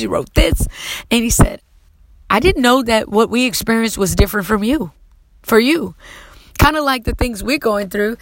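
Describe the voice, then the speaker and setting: A woman's voice: mid-range voice, no echo, low-quality recording. A middle-aged woman preacher giving an emotional, fervent testimony sermon, holding back tears at times.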